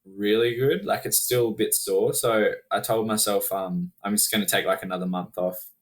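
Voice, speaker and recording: An Australian man who rides freestyle motocross chats casually as a guest on a podcast, his voice fairly low with mostly even intonation. He's laid-back and drawn-out, packing his talk with fillers.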